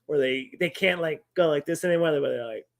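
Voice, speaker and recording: A man hosting a livestream, telling stories in casual chat, animated and profane, acting out quoted dialogue. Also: on the high side, fairly quick, gravelly. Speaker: livestream host.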